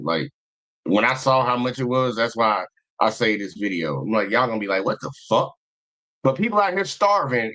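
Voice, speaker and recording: A man's voice: fairly low pitch, fairly bright tone, poor audio. A man hosting a casual livestream chat, talking emphatically and swearing freely. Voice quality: profane, emphatic. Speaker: stream host.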